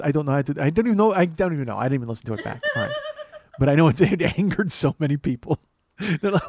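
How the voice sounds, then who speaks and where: A man hosting a solo comedy podcast, rambling and self-mocking, swinging between loud outbursts and mumbled asides. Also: high voice, sing-song, fairly quick, slight background noise. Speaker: podcast host.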